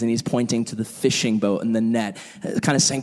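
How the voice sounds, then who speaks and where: A young man leading a casual Bible study, talking in a relaxed, conversational way full of asides and fillers. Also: mid-range voice, normal speed, in a large hall.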